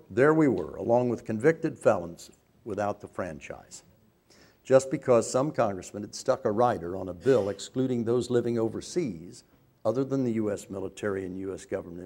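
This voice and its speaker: Older American man, low voice, speaking to an audience, anecdotal and wry. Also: darkish tone. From United States. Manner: wry, anecdotal, with asides and self-corrections. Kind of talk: speech to an audience.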